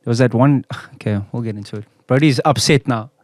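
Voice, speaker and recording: Speaking fairly quickly in a medium-pitched, slightly mellow voice, a podcast co-host from South Africa swaps stories in a casual chat. He laughs a lot, keeps calling people "bro," and talks into a studio mic.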